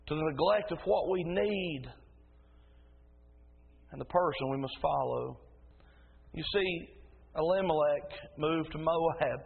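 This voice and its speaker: A man preaching a sermon as pastor in a church, emphatic and rising into a loud preaching cadence. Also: on the high side, takes it slowly, vocal fry, pauses often, slightly rough. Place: church sanctuary. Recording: tinny phone-like sound in a reverberant hall.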